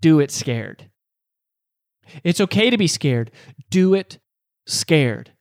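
A man voicing a calm firefighter who keeps repeating an encouraging phrase. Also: on the high side, slow, dry recording, clean studio sound. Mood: coaxing. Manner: steady, repeating a short phrase. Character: calm firm male firefighter coaxing.

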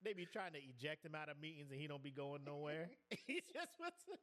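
Animated laughing man on a podcast. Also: a little high, brisk. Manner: animated, laughing often, acting out quotes. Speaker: podcast co-host. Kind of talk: casual comedic chat.

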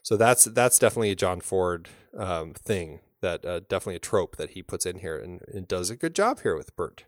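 A man with a fairly low voice talks casually, circling his point with fillers and false starts. The sound is dry and close, with no room around it. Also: expressive, a little fast, hardly any pauses, no echo. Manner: thoughtful, rambling with many fillers and restarts. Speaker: podcast co-host. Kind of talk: casual film discussion.

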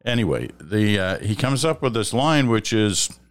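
Male podcast host with a very low, lively voice, animated and conversational, currently hiccuping. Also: moderate pace. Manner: conversational, animated storyteller, acts out quotes. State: has the hiccups. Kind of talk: casual political chat.

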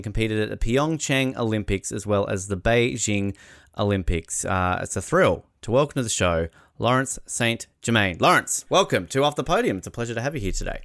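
A man's voice: on the low side, fairly bright tone, no room sound, studio quality. An Australian man hosting a podcast interview, talking in an upbeat, enthusiastic and chatty way. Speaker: podcast host.

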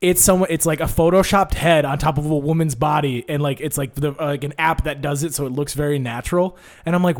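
A man's voice: a little high, fast talker, few pauses. A young man hosting a casual chat with friends, telling stories with lots of laughs. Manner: animated storyteller, laughs often.

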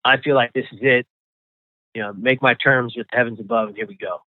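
Man with halting speech over a tinny line. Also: mid-range voice, fairly even intonation, dry recording. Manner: halting, repeats words when emotional. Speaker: guest, survivor telling his story. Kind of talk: personal story in an interview.

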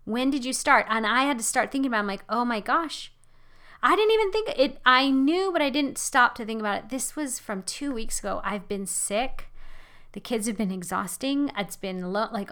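Casting: woman, 30s, higher voice, earnest exhorting Bible teacher, chatty delivery. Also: bright, forceful tone. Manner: earnest, exhorting, conversational with fillers. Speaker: Christian teacher. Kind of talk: informal devotional teaching.

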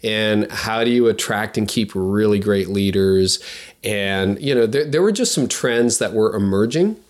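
A man hosting his podcast, chatty and upbeat, talking about his new book in a casual conversation. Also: lowish voice. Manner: upbeat, chatty, quick asides. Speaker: podcast host and author. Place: office studio at a lakeside retreat.

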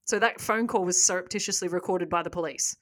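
A woman hosting a casual podcast, retelling a story with lively asides and laughs. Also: on the low side, fast talker. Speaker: podcast host.

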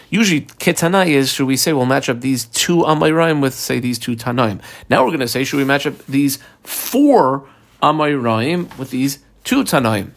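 Man, teacher, gravelly voice, middle pitch, casual, rambling, lots of ums. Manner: conversational, tangents, frequent ums and restarts; guides listeners through page markings. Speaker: Talmud teacher. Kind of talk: casual daily page class.

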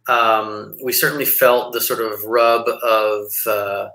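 A man's voice: fairly low pitch, steady tone, slow, sharp tone, roomy sound, low-quality recording. A man in his forties from Montreal, a label founder talking as an interview guest in a rambling casual way with many fillers and restarts. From Montreal, Canada.

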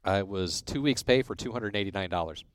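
A man's voice: deep voice, a little fast, slight background noise. A man from Illinois telling stories from his career in a casual chat, acting out the voices of people he quotes. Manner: animated storyteller, acts out quoted dialogue. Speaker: guest. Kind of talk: casual storytelling.

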